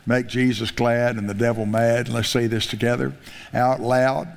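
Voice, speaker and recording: A male pastor giving a sermon, reading scripture aloud slowly with emphasis and breaking into asides with small stumbles. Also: medium pitch, little pitch movement, vocal fry. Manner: reads scripture aloud slowly with emphasis, chuckles, restarts words. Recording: long reverb in a large hall.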